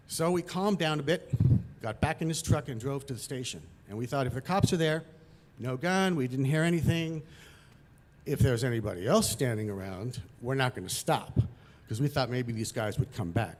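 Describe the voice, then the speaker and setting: A man from Los Angeles telling a personal story on stage, vivid and animated, acting out the scenes. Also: mid-range voice, moderate pace.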